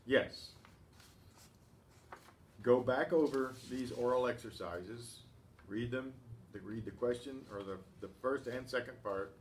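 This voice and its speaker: A man teaching a class, speaking slowly and patiently and clearing his throat often. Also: mid-range voice, a little hiss or hum. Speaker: Spanish teacher. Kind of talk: class lesson.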